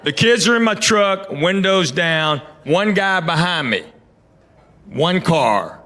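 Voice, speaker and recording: High, bright comedian on stage. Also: male voice, lively intonation, slow pace. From Knoxville, Tennessee. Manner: storytelling with quoted voices, playful asides to the audience. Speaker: stand-up comedian. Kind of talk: stand-up comedy set. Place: comedy stage with live audience.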